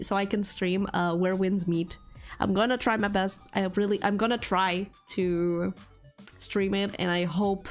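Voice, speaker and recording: A woman's voice: medium pitch, unhurried, soft background music. A woman with a non-native English accent, chatting casually with viewers on a live stream, giggling often. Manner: chatty, giggly, answers chat. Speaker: VTuber streamer.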